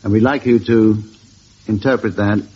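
A man's voice: on the low side, fairly even intonation, normal speed, warm tone, breathy edge. A man hosting a comedy panel game as quizmaster, explaining rounds while fighting back laughter. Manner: amused, stifling laughs. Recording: muffled old radio recording with hiss.

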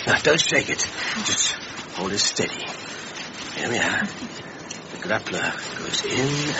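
A man acting a patient, reassuring animal rescuer in a radio drama. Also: on the low side. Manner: soothing, patient. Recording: dull lo-fi radio drama recording with clear background noise.

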